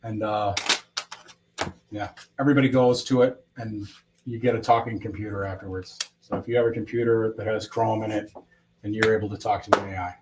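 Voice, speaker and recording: A man's voice: fairly low pitch, steady tone, a little fast, noisy background. Rambling male livestream guest. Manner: loose, rambling, lots of fillers. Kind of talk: casual livestream chat.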